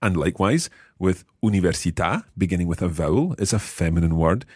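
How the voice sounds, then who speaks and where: A man hosting a language lesson, patiently explaining Italian words and slowing down to repeat phrases. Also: low voice, lively intonation, a little mellow, breathy edge, no echo, studio quality. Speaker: language course host.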